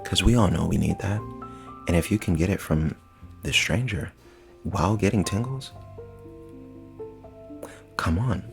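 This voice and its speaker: Deep-voiced man chatting casually. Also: a little slow, gravelly, pauses often, soft background music. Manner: chatty, enthusiastic, rambling with restarts. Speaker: ASMR channel recommender. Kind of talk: casual recommendation chat.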